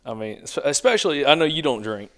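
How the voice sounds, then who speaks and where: A man with a Southern US accent, hosting a podcast, upbeat and energetic as he chats and plugs giveaways. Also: mid-range voice, fast talker. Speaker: podcast host. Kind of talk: casual chat.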